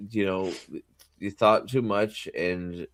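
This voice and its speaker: A man hosting a casual podcast chat, blunt and quick to swear, reading out chat comments. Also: deep voice, steady tone, clear, resonant tone, dry recording.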